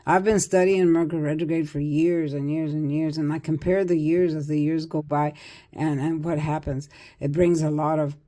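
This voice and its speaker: A woman's voice: low voice, fairly even intonation, moderate pace, mellow. An older woman giving a casual, chatty psychic tarot reading, repeating herself and laughing often. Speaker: tarot reader.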